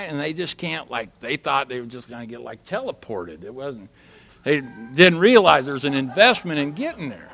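A man's voice: mid-range voice, sing-song, normal speed, fairly bright tone. A middle-aged man telling personal stories as a speaker at a recovery meeting, in a folksy manner with casual swearing and a habit of asking "right?". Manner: folksy, swears freely, tags lines with "right?". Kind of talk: personal storytelling talk.

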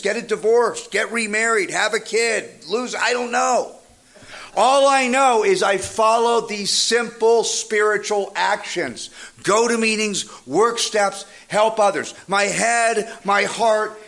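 A man's voice: sits high, creaky. A man giving a humorous motivational recovery talk, telling stories with energy and jokes. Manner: energetic joking storyteller. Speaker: recovery speaker.

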